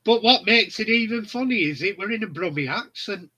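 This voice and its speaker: A man's voice: high-pitched, expressive, brisk, pushed and bright, poor audio. A middle-aged man, chatting casually and bluntly, rambling through funny stories. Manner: rambling, blunt, laughs at his own stories. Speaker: channel host. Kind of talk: casual chat.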